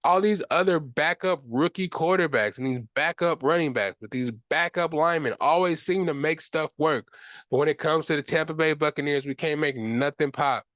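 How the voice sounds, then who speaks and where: A man's voice: on the high side, normal speed, fairly bright tone, dry recording. A young man hosting a solo sports podcast, ranting in frustration with casual slang and profanity. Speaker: podcast host.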